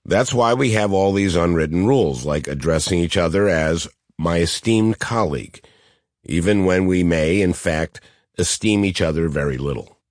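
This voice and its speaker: A middle-aged man with a nasal Midwestern twang reading his own memoir as an audiobook, with dry, deadpan wit. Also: low voice, normal speed, no room sound. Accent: Midwestern American.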